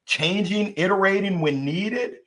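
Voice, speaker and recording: A man's voice: high voice, unhurried, a bit bright. A man who is a professional speaker, talking on a live video call and giving enthusiastic advice, often repeating words as he starts a thought.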